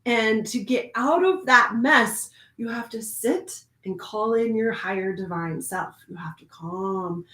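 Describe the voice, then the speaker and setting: A woman giving a casual spiritual oracle card reading, animated and laughing often, moving from hushed calm to excited outbursts. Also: on the high side, unhurried, hardly any pauses, reverberant.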